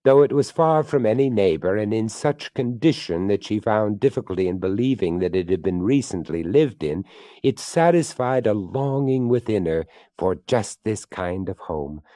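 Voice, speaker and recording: A man narrating a ghost story in a theatrical reading, slowing and hushing for suspense. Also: lowish voice, animated, no room sound, clean studio sound.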